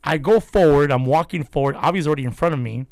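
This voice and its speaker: A man with a gravelly, fry-edged voice that sits a little high tells a story on a casual podcast. He swears freely and acts out what people said, with a close, dry sound. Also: quick pace, a little mellow, dry recording.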